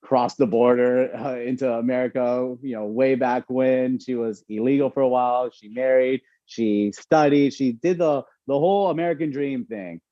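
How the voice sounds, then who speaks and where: Animated male speaker with a mellow tone, on slightly dull, dry audio. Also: mid-range voice, normal speed, hardly any pauses, no room sound. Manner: animated, chatty, lots of fillers. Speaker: incoming resident physician giving a talk. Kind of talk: casual storytelling talk.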